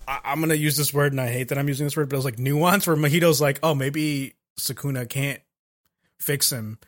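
A man co-hosting a casual anime podcast, excited and rambling, swearing freely as he talks. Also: medium pitch, brisk. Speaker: podcast co-host. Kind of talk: casual chat about anime.

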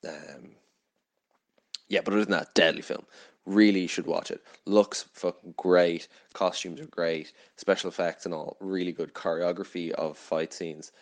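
A man's voice: sits low, fairly even intonation, a little slow. A young man giving a rambling, casual film review full of filler words. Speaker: film podcast host.

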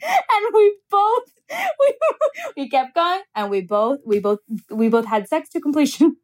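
A young woman with a high voice tells a frank, profane personal story in casual podcast chat. She laughs often as she talks and acts out the other person's lines. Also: big pitch swings, a little slow. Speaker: podcast host telling a story.

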